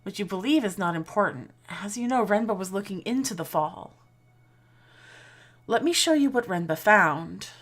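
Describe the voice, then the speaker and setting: In video game dialogue, an actress voices a commanding, secretive elderly professor with grave, measured authority. Her female voice is medium-pitched, animated, and lightly acted.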